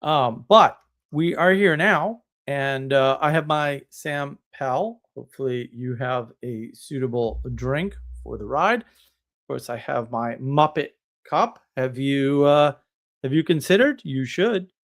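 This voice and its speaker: A man's voice: medium pitch, animated, slow pace, fairly bright tone. A man hosting a live stream, ranting in a casual, blunt and scornful way, with sarcastic laughs. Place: home, drinking tea on stream.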